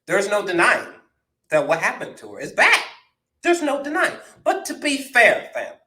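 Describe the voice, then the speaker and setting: A man giving a casual, excitable film review, laughing a lot, swearing and repeating himself in slangy talk. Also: high-pitched, normal speed, a little hiss or hum.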